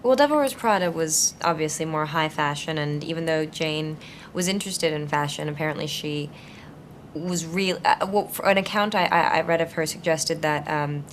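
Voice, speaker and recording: A woman's voice: low voice, normal speed, slight background noise. A young actress in her twenties answering interview questions thoughtfully, searching for words with frequent fillers and restarts. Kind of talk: conversational interview.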